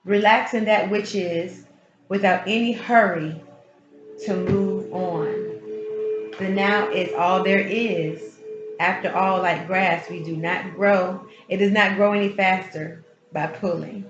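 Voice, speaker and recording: Woman tarot reader, mid-pitched, frank and emphatic, repeats her points; roomy, slightly dull recording with music under it. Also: steady tone, slow. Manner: emphatic, frank, repeats key phrases, mild swearing. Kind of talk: casual spiritual tarot reading. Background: background music.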